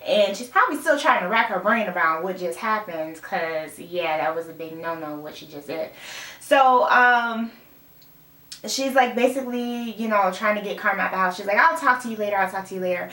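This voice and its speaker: A young woman vlogs a TV episode recap in a rambling, casual way, packing in "like" and "um" and mixing up character names. Her medium-pitched voice is animated, pushed and bright, at a moderate pace. The mic sits far off in a roomy space.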